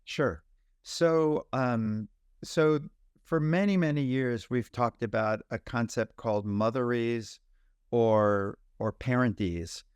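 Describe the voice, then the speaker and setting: A man who is a pediatrician, a guest on a podcast interview, explaining ideas in an animated way with examples. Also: mid-range voice, slow, smooth, dry recording.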